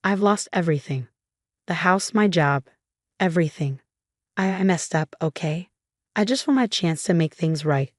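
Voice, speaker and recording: A broken middle-aged father begs for another chance, read by a woman narrator. The voice stays lowish and pleading, with a dry, close sound and no room around it. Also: moderate pace, no echo, lightly acted. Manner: pleading, voice cracking.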